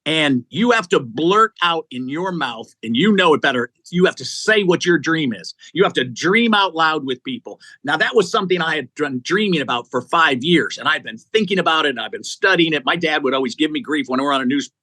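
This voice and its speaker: Hardly pausing, an animated executive recruiter in his sixties tells fairly quick stories as an interview guest, his excitement producing tumbling sentences and many restarts. The voice is on the high side, bright and forceful, and a close mic keeps it dry with no echo.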